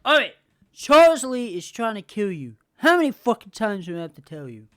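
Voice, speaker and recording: A woman's voice: mid-range voice, sing-song, moderate pace, fairly bright tone, a little hiss or hum. A woman quoting a blunt, angry young male game hero in a curt, swearing voice close to her own. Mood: exasperated.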